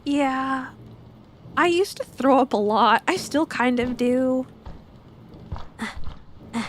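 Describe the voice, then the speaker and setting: A high-pitched young woman talks through a game in loose, rambling commentary. She giggles, swears casually and lets out squeals. A faint hiss sits under the recording. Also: animated, slow, long pauses. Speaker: streamer.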